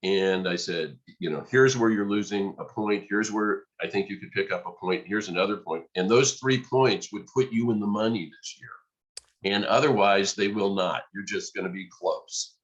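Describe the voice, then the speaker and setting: A man, a podcast guest, telling a lively story and acting out the dialogue. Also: fairly low pitch, moderate pace, highs cut off. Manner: animated storyteller, acts out quoted dialogue. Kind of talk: storytelling in conversation.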